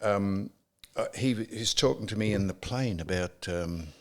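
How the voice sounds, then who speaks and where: An older Australian man hosting a podcast, chatting casually and telling a story with halting restarts. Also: fairly low pitch. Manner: halting, many restarts and fillers. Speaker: podcast host. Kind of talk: casual chat.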